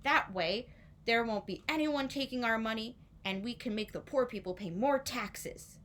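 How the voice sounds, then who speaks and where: A woman's voice: a little high, normal speed, a bit bright, close to an everyday voice. A woman voicing a greedy, scheming male sheriff who gloats and coos over riches in a storybook.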